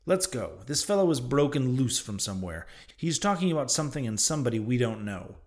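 A man's voice: mid-range voice, very animated, a little fast, close to an everyday voice. A man voicing a skeptical young sailor.

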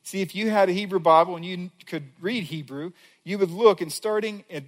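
A man's voice: high voice, brisk. A man preaching a sermon as a pastor, earnest, reading scripture aloud with building emphasis.

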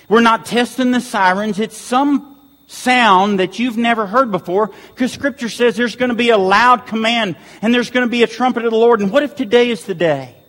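A man's voice: high-pitched, a bit bright. A man preaching a sermon to his church, pleading with the congregation and repeating urgent questions. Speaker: pastor. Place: church sanctuary. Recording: long hall reverb.

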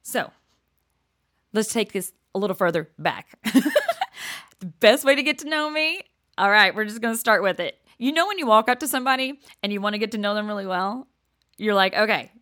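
A woman's voice: medium pitch, expressive, a little fast, pauses often, pushed and bright. An older woman hosting a podcast, telling personal stories in a chatty way, laughing often and dropping to near-whispers for emphasis. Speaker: podcast host. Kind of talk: casual storytelling monologue.

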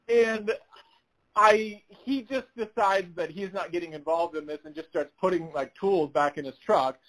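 A man with a notably high-pitched voice tells a story on a casual podcast. He acts out the other people's lines and breaks into laughter along the way. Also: low-quality recording. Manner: animated storyteller, laughs while telling, acts out quotes. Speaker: podcast co-host.

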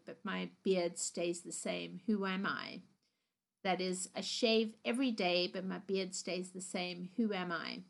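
A woman's voice: mid-range voice, gravelly. A young woman hosting her own podcast from her couch at home, talking in a rambling, chatty way with fillers and little laughs. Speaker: podcast host. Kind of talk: casual solo podcast chat.

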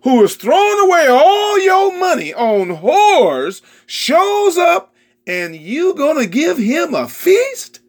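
Brief: preacher puts on a resentful older brother, high voice, slow and aggrieved. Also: male voice, wildly swooping pitch, fairly bright tone, full character voice. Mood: indignant. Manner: indignant, cries out. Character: resentful hardworking older son, young man.

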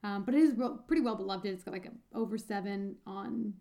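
A woman co-hosting a book podcast in casual chat, halting and full of fillers. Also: mid-range voice, dark tone. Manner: chatty, halting, many fillers and restarts. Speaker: podcast co-host.

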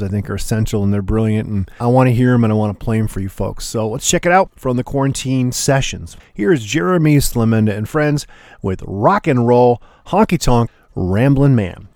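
A man spinning records on a rockabilly radio show, talking in an easygoing, slangy way between songs. His voice sits at an ordinary middle pitch. It is recorded close and dry, with no room sound. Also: a little mellow, no room sound. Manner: laid-back, slangy hipster patter. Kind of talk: casual radio show chat.

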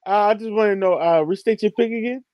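Guest on the chat, man, quick talker, dark dry voice. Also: high voice, dry recording. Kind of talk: casual chat.

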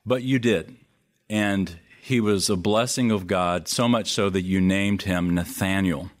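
A middle-aged male pastor preaching a sermon, telling a long story with sudden rises and drops in his voice and hesitant restarts. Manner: storytelling, wide swings in pitch and loudness, hesitant restarts.

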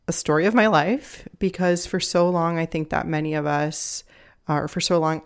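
A woman's voice: lowish voice, vocal fry. A woman in her thirties hosting a solo podcast, speaking earnestly and confidingly straight to her listeners. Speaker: podcast host and nutrition coach. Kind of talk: casual solo podcast monologue. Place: home.

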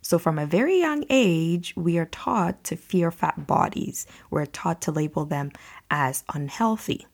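Woman, podcast host, solo monologue, low husky voice, earnest and reassuring. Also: expressive, unhurried.

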